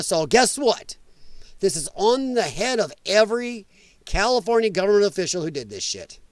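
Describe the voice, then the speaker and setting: A man's voice: sits high, no room sound. A man hosting a podcast, ranting about the news in a blunt, angry, profane way. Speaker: podcast host.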